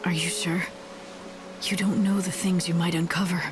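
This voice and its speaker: An actress playing a calm, earnest young game heroine who speaks in a measured, soft way. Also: female voice, fairly low pitch, lightly acted. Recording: game audio over clear music.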